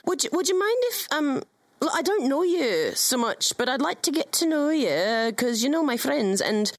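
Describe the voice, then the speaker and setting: High-voiced woman rambling in character, bouncy pitch, polite and kinda lost. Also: animated, normal speed, no echo, studio quality. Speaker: player voicing a character. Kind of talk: in-character role-play.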